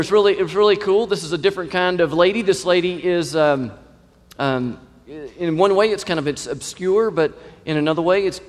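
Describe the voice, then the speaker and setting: Earnest preacher in a reverberant hall. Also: male voice, a little high. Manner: earnest, repeats phrases, builds emphasis. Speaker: pastor. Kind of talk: sermon. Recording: long reverb of a large hall.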